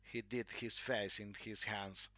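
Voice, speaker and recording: Slow measured male storyteller. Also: lowish voice, little pitch movement, sharp tone, dry recording. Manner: slow, clear, measured reading. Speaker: narrator. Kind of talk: storybook narration.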